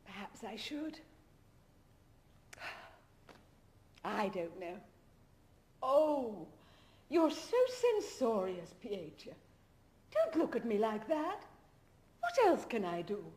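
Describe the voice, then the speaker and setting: Volatile aristocratic lady, high and lively. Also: slow pace, long pauses. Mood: wistful. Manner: swings from tender coaxing to shrill teasing. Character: emotional aristocratic middle-aged woman, pleading and volatile. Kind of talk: 1970s stage drama.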